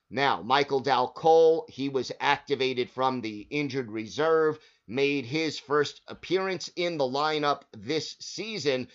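A man hosting a podcast, breaking down a hockey game in casual talk with frequent "uh" and "you know". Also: medium pitch. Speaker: podcast host. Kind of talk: casual sports podcast analysis. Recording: slightly dull, lo-fi podcast audio.

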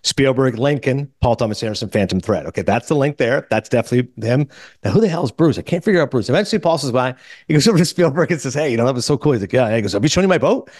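A middle-aged man hosting a podcast, telling a story in casual chat and quoting people in quick back-and-forth. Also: medium pitch, no echo, clean studio sound. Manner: animated, quotes others in quick back-and-forth. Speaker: podcast host.

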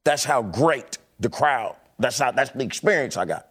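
A man telling a personal story about his years as a club DJ in a lively, casual way, often acting out the voices of the people in it. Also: medium pitch, moderate pace, husky. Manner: animated, laughing, acts out quoted voices.

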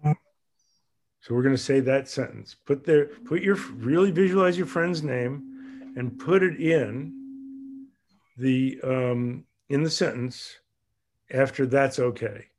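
A man leading a group exercise over a video call, talking in an animated way and acting out little voices with big jumps in pitch. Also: slow pace, long pauses. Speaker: group leader.

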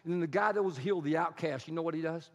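A male pastor preaching a sermon in a church, telling a story with animated, rising emphasis. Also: on the high side, rapid-fire. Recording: long hall reverb.

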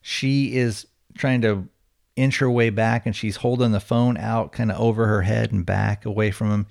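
This podcaster's voice is on the low side and a little mellow, with vocal fry, fairly even intonation and moderate pace. He rambles through a film's plot, hedging and using many fillers.

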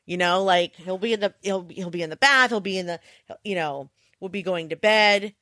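A woman co-hosting a podcast in casual chat, telling stories animatedly and acting out a panicked child in high squeals. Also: moderate pace, fairly bright tone, dry recording, studio quality. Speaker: podcast co-host.

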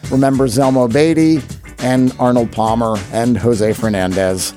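A man's voice: medium pitch, fairly even intonation, unhurried, mellow, faint music behind. A man hosting a sports podcast, talking with playful sarcasm. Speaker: podcast host. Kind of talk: wry sports podcast commentary.

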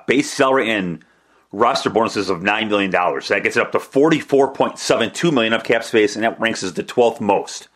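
Man, somewhat low voice, solo sports podcast host, chatty, rambling, casual commentary. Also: fairly bright tone. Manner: chatty, rambling, with restarts and self-deprecating asides.

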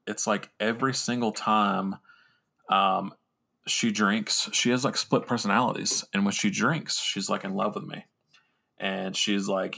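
A young man rambles through a story on his podcast, swearing freely and mocking himself as he goes. His low voice has a gravelly fry with a bright, forward edge. He talks in a loose, casual way, full of restarts and fillers. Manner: rambling, profane, self-mocking. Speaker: podcast host.

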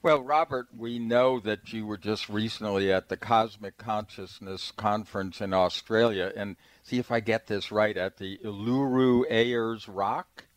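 A man's voice: on the low side, measured pace, few pauses, no echo. A man co-hosting a talk radio show, easygoing and hesitant, with fillers. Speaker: radio co-host.

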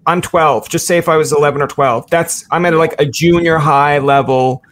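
A man's voice: a little high, fairly even intonation, moderate pace, a bit bright. A male interviewer asking loose, rambling questions with many fillers. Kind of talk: casual interview chat.

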